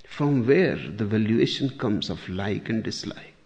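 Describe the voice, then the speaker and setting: A man giving a spiritual discourse, deliberate, pausing often, with sudden emphatic lines. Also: fairly low pitch, lively intonation, gravelly, darkish tone, dull audio. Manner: slow, deliberate, with long pauses and sudden emphasis. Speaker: spiritual teacher.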